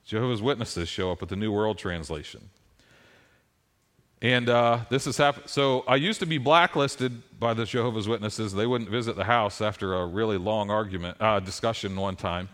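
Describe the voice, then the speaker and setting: A man's voice: on the low side, normal speed. A middle-aged man, a pastor, preaching a sermon and telling stories with rising emphasis. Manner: animated storytelling with rising emphasis.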